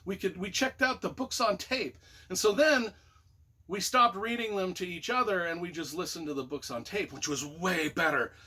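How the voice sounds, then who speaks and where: Book-reviewer vlogger from Utah, a man with a sharp, husky voice; casual and rambling. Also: high-pitched, moderate pace. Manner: animated, rambling, with many fillers and asides. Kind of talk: casual personal storytelling.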